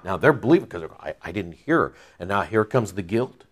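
Animated man teaching a Bible passage. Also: low voice, normal speed, few pauses, husky. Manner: reads scripture aloud then explains it conversationally, many fillers. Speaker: preacher.

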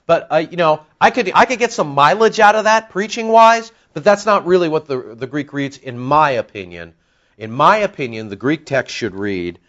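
Animated preacher man, lo-fi sound. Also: normal speed. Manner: animated, swings from emphatic to low and confiding. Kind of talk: expository Bible teaching sermon. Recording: dull lo-fi recording.

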